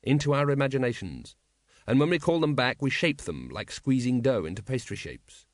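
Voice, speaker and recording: Man reading a comic fantasy audiobook, wry and measured, very lively pitch, dry close sound. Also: no echo. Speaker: audiobook narrator. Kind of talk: scripted narration.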